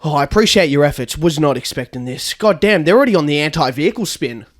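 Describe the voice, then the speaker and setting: A man's voice: fairly high pitch, lively intonation, fast, pitched below the performer's own voice, natural voice. A man doing Barbara, a cursing blind bus. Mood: irritated, scheming. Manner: swings from chirpy guide patter to furious swearing. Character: blind foul-mouthed female bus tour guide. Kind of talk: comedic storytelling podcast.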